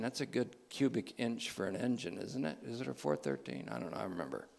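A man preaching a sermon, reading and explaining scripture with emphatic stresses, slow deliberate phrasing and casual joking asides. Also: low-pitched, gravelly. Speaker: pastor.

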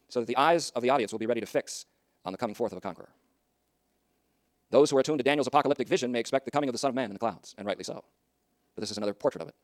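A male preacher delivers a sermon at a rapid clip, words tumbling out quickly. He swings dramatically between loud emphasis and hushed asides. The sound is dry and close, with no room echo. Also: medium pitch.

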